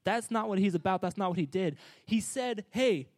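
A man preaching a sermon, energetic and joking, urging the congregation to answer back. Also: sits high, normal speed.

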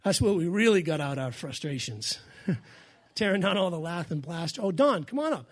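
A man with a notably high voice delivers a sermon as pastor. He preaches with fire, bursting into shouts and hammering phrases over and over inside his church. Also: sing-song, normal speed. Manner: fiery, shouting, repeats phrases.

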